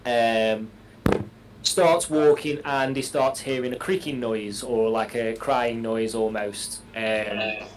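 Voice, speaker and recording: A man's voice: medium pitch, fairly even intonation, takes it slowly, noisy background. A man playing a tabletop game, recounting his character's actions hesitantly with many fillers. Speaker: player.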